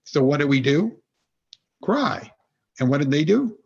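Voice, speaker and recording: A man with a gravelly, husky voice explains his ideas as a podcast guest. He tells little stories and acts out an inner voice along the way, often breaking off to restart. The audio is somewhat dull and lo-fi. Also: fairly high pitch, lively intonation, fast talker, a little mellow. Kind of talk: conversational explanation.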